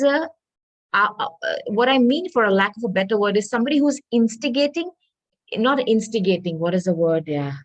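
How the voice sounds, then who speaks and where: A woman giving a tarot reading to viewers, earnest and reassuring, often pausing to hunt for the right word. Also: a little high, lo-fi sound. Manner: earnest, reassuring, searches aloud for words; addresses viewers as darling. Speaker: tarot reader.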